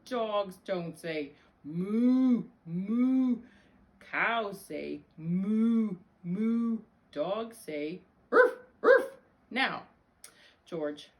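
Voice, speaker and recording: A woman voicing a dog owner who firmly and patiently teaches her dog, drawing out each word. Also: on the low side. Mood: worried. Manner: slow, emphatic teaching tone, drawn-out words.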